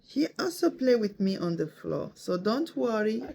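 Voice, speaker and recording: A woman's voice: medium pitch, big pitch swings, moderate pace, creaky, a little mellow, slight background noise. A woman in her thirties, a mother chatting casually in a home vlog, teasing her baby with frequent laughter and reassuring her viewers. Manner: playful, laughs often, coos and teases; reassuring, addresses viewers directly. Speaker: mother and family vlogger.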